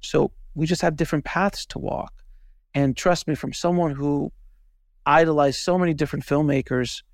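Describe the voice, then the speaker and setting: A man's voice: a little high, fairly even intonation, moderate pace, no room sound, studio quality. A man talking in a podcast interview, telling stories animatedly and acting out quoted voices. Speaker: podcast host and filmmaker, guest. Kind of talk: casual interview talk.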